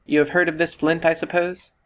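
Measured, dry-witted country doctor, as a male narrator puts him on, a little raised in pitch. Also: little pitch movement, fairly bright tone, natural voice. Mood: composed.

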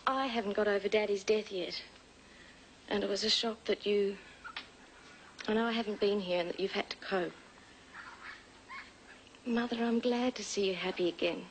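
A woman's voice: medium pitch, fairly even intonation, moderate pace, long pauses, a little hiss or hum, lightly acted, low-quality recording. Actress playing an earnest young woman. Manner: earnest, pleading. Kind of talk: 1980s TV soap acting.

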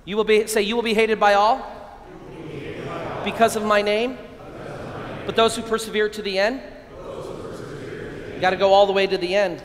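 A middle-aged American priest giving an excitable, energetic keynote talk to a men's conference, with sudden loud bursts. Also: male voice, sits high, normal speed, pauses often, crowd noise. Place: large hall at a conference. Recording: echoey hall, long reverb.

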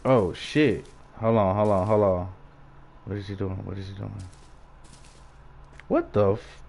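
A man's voice: lowish voice, animated, unhurried, creaky, long pauses, darkish tone. A young man giving jumpy, swearing let's-play commentary with nervous laughter while playing a horror game. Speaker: gaming YouTuber.

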